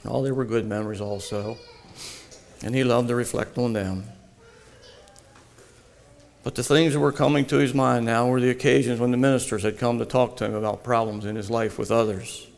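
A man reading a devotional story aloud in a slow, earnest storytelling manner. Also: mid-range voice, steady tone, creaky. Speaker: narrator. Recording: long hall reverb.

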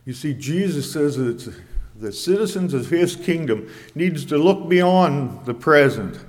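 A man preaching a sermon in a measured way, quoting scripture in old English. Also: a little high, expressive, long reverb tail.

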